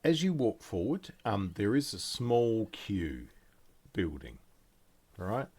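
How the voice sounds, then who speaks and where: Slow, lively-voiced male game master. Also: fairly low pitch, breathy edge. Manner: hesitant, filler-heavy describing. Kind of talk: narrating a tabletop game.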